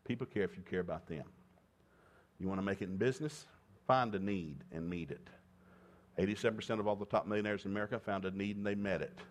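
A middle-aged man preaching a sermon, mixing scripture readings with joking asides and loud whoops of laughter. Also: fairly low pitch, fast.

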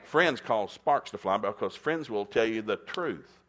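A man's voice: fairly low pitch, measured pace. A middle-aged man preaching a sermon, telling stories with humor and calling on the congregation to repeat after him. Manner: animated, playful storytelling with call-and-response. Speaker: pastor.

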